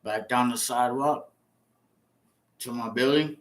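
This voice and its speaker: A man's voice: medium pitch, measured pace. A man in his fifties, a former prisoner telling his own story casually, swearing and acting out the scenes with sound effects. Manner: profane, repetitive, acts out the scenes with sound effects.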